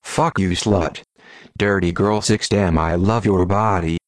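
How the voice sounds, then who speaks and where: A synthetic-sounding man's voice reading out short posts in a monotone, spelling out links letter by letter. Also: sits low, measured pace, no echo, clean studio sound. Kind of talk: rapid automated read-out of short posts.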